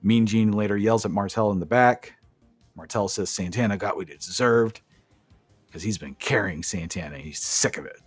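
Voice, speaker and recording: A lower-pitched man talks through a match recap with a casual, profane enthusiasm, jumping into play-by-play. His voice sits close and dry on the mic, with faint music somewhere underneath. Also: normal speed, husky, no room sound. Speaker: podcast co-host.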